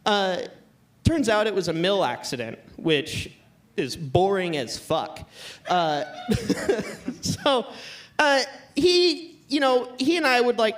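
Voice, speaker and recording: A man's voice: high-pitched, a bit bright. A man doing a live stand-up set on a club stage, telling a crude, self-mocking story and laughing at his own lines. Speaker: stand-up comedian.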